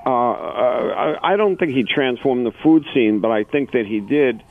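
A man calling in to chat, talking haltingly with many restarts, then praising warmly. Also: mid-range voice, lively intonation. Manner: halting, repeats words, then warm praise. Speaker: phone-in guest. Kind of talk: casual chat. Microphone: phone. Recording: tinny phone line.

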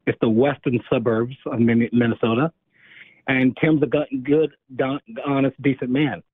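Hoarse man on a tinny phone line. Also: mid-range voice, fairly even intonation, normal speed, no room sound. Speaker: guest. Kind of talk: phone interview.

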